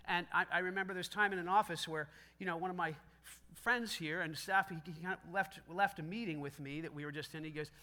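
A man's voice: sits high, fairly even intonation, fast talker, hardly any pauses, bright, forceful tone. A man preaching a sermon as pastor, in a conversational style that acts out quoted dialogue with self-deprecating humor.

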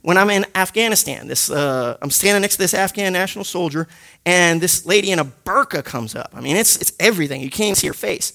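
A man teaching a Bible study group in an animated, jokey way, punctuating points with loud sound effects. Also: high voice, a little fast, gravelly. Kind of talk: lively teaching talk to a group.

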